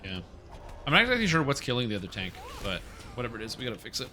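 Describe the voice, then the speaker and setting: A man live-streaming a raid game, chatting casually and rambling excitedly with teammates, now and then swearing. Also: medium pitch, racing, slight background noise.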